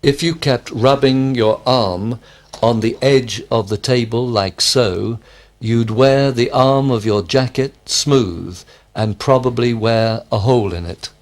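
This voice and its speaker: A man's voice: medium pitch, slow. A man answering in a scripted language drill, giving careful full-sentence replies. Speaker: student in drill.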